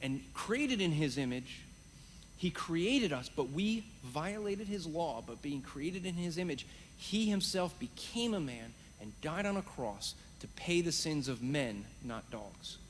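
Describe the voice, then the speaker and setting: A man teaching evangelism at a live conference, talking fast and animated with quick restarts. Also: a little high, a little hiss or hum. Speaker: evangelism trainer. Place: conference stage. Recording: reverberant hall.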